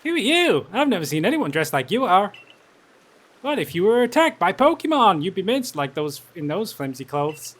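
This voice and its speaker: Give me a man playing a suspicious young woman with a put-on American accent, pitched way up. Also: very animated, normal speed, a bit bright, heavily acted. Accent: attempted American.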